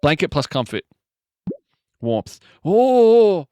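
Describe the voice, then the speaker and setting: A man streaming a word game live, muttering guesses to himself with sudden excited outbursts. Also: mid-range voice, unhurried, dry recording.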